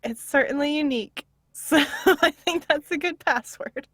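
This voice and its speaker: A woman playing a tabletop role-playing game, chatty and quick to laugh, often asking questions. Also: high voice, a bit bright, no echo, clean studio sound. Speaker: player. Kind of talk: casual tabletop role-play.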